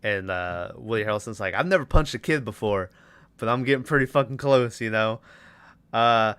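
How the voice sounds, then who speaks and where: A man's voice: lowish voice, normal speed, a bit bright, clear, resonant tone, dry recording. A young man hosting a podcast, casually retelling a movie scene by scene with loose quoted lines and laughter. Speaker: podcast host. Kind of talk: casual movie recap chat.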